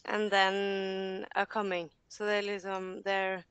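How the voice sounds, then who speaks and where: A woman's voice: medium pitch, monotone, slow pace, fairly bright tone, clean tone. A woman whose first language is Norwegian, a student in class, searching for words and asking questions.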